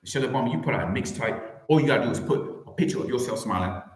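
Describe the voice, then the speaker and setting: A man's voice: mid-range voice, lively intonation, rapid-fire. A man streaming, giving a rambling, mocking comedic commentary with lots of restarts. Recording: echoey room.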